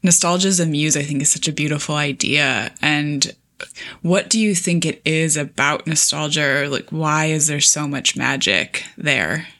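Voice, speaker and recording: A woman's voice: low voice, normal speed, pushed and bright. A woman podcast host asking thoughtful, open questions in an interview.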